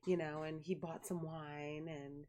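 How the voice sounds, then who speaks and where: A young adult woman chatting casually on a live stream, telling a family story in an animated way and thanking viewers by name. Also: sits low, unhurried. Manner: chatty, animated storyteller who reads viewer messages aloud.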